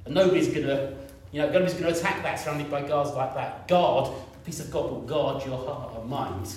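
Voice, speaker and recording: A man's voice: medium pitch, brisk, a little mellow. A man in his fifties preaching a sermon in a conversational way, repeating points and asking the congregation questions. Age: 50s. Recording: echoey room, picked up from a distance.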